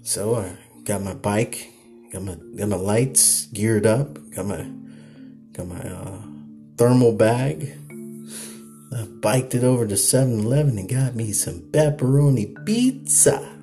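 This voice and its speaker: A man's voice: on the low side, measured pace, mellow, soft background music. A man hosting a late-night podcast, ranting in a loose, repetitive way and laughing at himself. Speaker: podcast host.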